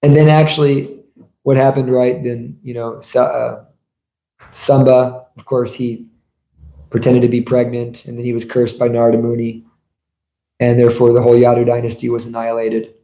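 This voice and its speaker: Delivering a scripture class as a sermon, a man tells stories and asks the audience rhetorical questions inside a temple hall with an echoey sound. His voice is warm, medium-pitched, and monotone, at a normal speed.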